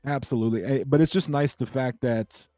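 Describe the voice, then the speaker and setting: Laid-back mellow-voiced man hosting a stream. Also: mid-range voice, a little fast, dry recording, clean studio sound, faint music behind. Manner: rambling, laid-back, greets chat viewers. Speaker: crypto livestream host. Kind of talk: casual late-night livestream chat.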